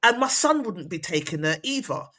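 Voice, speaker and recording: A woman's voice: lowish voice, big pitch swings, normal speed, a crowd in the background. A woman hosting a casual chat, reading out viewer comments with blunt, laughing asides. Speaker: host.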